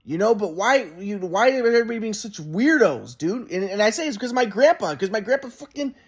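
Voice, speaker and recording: A man's voice: sits high, lively intonation, fairly quick, husky. A man in a rambling, casual monologue, often restarting and repeating himself, frustrated and swearing.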